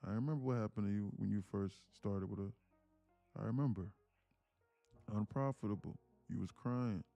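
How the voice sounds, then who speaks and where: A man with a low, mellow voice runs a casual live trading stream, chatting loosely and looping back over his own words. His voice is dry and close, with faint music in the background. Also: normal speed, gravelly, no echo, muffled recording. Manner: loose, repetitive, restarts phrases while reading chat. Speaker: livestream trading host.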